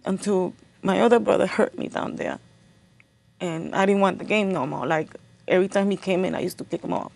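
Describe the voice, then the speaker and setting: A middle-aged woman giving a personal account as an interview guest, halting and repeating words as she remembers. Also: mid-range voice, gravelly, a little mellow.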